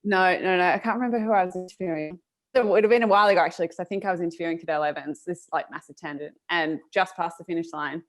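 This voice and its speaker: A woman's voice: on the low side, very fast. A woman cycling journalist on a podcast, telling a rambling anecdote. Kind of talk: podcast discussion.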